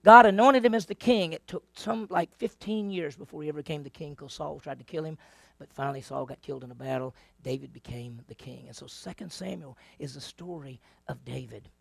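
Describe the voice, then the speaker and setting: A man's voice: fairly high pitch, brisk, creaky, husky, dry recording. A man teaching a Bible lesson to a class, telling the stories with energy, quizzing his listeners and acting out the voices. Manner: animated storyteller, asks the class questions, acts out voices.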